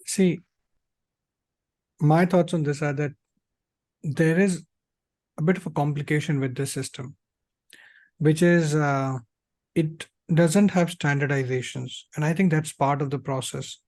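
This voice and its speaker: A man hosting a podcast in casual chat, speaking in a measured, advising way with some hesitations. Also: fairly high pitch, fairly even intonation, darkish tone.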